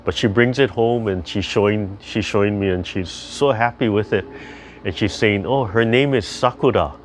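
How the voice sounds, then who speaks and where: An older man leading a tai chi class over a video call, chatty and gentle as he rambles through stories and calm instructions. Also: lowish voice, moderate pace, slight background noise.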